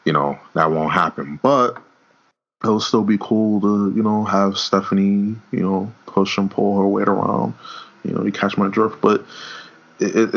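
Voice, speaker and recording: A man with a very deep voice talks through a casual wrestling podcast. He rambles, restarts his sentences and swears freely. The recording sounds dull and lo-fi. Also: fairly bright tone. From New York. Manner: rambling, repeats words, swears. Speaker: podcast co-host. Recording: dull lo-fi audio.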